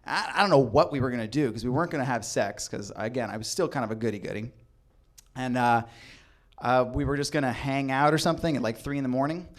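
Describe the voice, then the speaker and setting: A young adult man telling a comedic true story, animated and acting out the people in it. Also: mid-range voice, fast. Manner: animated, acts out voices in quotes.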